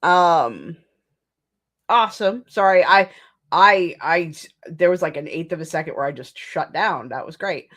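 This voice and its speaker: A woman's voice: on the low side, animated, measured pace, a bit bright. A young woman hosting a live writing stream, chatting casually, laughing often and restarting her sentences as she goes.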